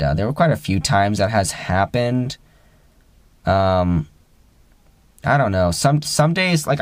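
A young man casually telling a personal story, rambling with many fillers and restarts, and lifting his voice to act out the friends he quotes. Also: dry recording. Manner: acts out quoted friends with rising pitch.

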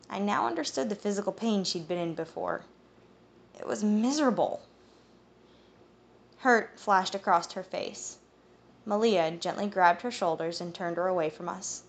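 A woman reading a first-person novel aloud as an audiobook narrator, with an even, storytelling delivery. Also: mid-range voice, moderate pace, gravelly.

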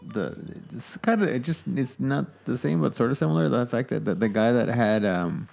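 A man's voice: medium pitch, normal speed, vocal fry, darkish tone, faint music behind. A young man chatting casually as a podcast co-host, telling a story in a loose, amused way. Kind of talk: casual chat.

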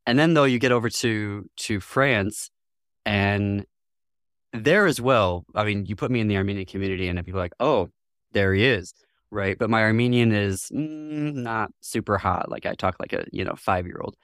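A man with a fairly low pitch and fairly bright tone speaks at a moderate pace, recorded in the studio with no room sound. He's an interview guest from Northwest Lower Michigan, US, reflective and thoughtful, frequently laughing and acting out what others told him.

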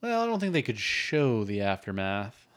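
Man, podcast co-host, casual chat, swears a lot, animated retelling. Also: lowish voice, moderate pace. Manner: profane, animated, acts out movie lines.

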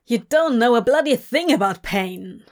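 A woman's voice: fairly high pitch, lively intonation, moderate pace. A woman voicing a hot-tempered male demon who snaps and swears at the angel in a fanfic audiobook. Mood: furious. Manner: snapping, swearing, defensive.

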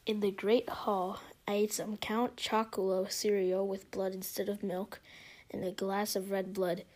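A woman's voice: mid-range voice, flat delivery, unhurried, darkish tone. A woman reading a story aloud in a mocking, whispery, giggly way.

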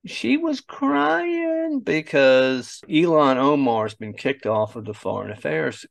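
Blunt, gravelly male commentary host. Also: fairly high pitch, sing-song, slow pace, no room sound. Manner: blunt, mocking and profane. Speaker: show host. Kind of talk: opinionated commentary.

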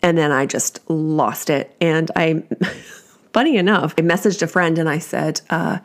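A woman's voice: lowish voice, measured pace. Chatty laughing middle-aged woman host. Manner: chatty and self-deprecating, laughs often. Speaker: podcast host. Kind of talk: casual solo podcast chat. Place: at home.

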